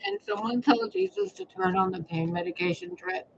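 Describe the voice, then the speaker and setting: A man's voice: high voice, normal speed, hardly any pauses, highs cut off, a little hiss or hum. A man doing tarot readings, talking in a rambling, blunt way with a lot of swearing. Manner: profane, expressive, blunt. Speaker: tarot reader. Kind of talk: rambling casual monologue.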